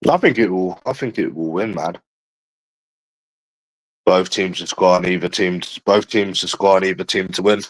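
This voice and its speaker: A man's voice: low voice, unhurried, pauses often, rough recording. A man in a profane, rambling livestream chat, calling his viewers bro and mate.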